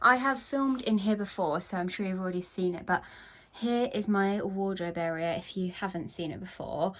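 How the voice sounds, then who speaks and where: A woman's voice: medium pitch, normal speed, fairly bright tone, faint music behind. A young woman chatting casually in her home vlog, rambling a little and laughing often as she tidies, filmed on a handheld phone. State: out of breath. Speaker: vlogger. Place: home, walking between rooms. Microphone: handheld phone camera.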